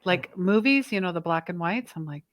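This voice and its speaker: A woman's voice: fairly low pitch, animated, moderate pace, dry recording. A woman hosting an interview, reacting and chatting with frequent fillers. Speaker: podcast host. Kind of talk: conversational interview.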